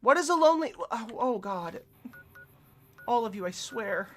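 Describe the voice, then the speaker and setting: A young woman streaming herself playing a video game, excitable and swearing freely as she talks to the enemies on screen. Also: fairly high pitch, moderate pace. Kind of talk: casual gameplay commentary.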